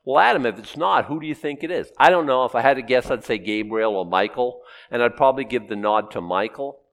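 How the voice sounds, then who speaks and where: A middle-aged man preaching a sermon, teaching through a Bible passage in a conversational way with sudden loud rises. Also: medium pitch, a little fast. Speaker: pastor.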